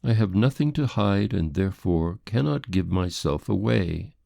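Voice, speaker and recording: A man's voice: sits low, lively intonation, normal speed, creaky, mellow, no echo, clean studio sound, voice pushed up, exaggerated voice. A man voicing a haughty, indignant English society lady who speaks in a prim, defensive, formal way.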